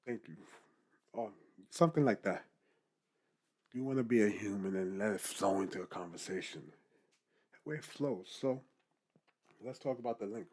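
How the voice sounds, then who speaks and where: Animated young man giving podcast tips. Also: mid-range voice. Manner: animated, talks straight to the viewer, keeps asking "guess what?". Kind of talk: casual advice vlog.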